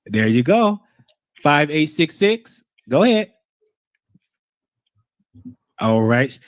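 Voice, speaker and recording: Host: a man, brisk, reads caller numbers and prompts each caller to go ahead, dry close sound. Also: on the high side, sing-song, no room sound. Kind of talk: call-in show hosting.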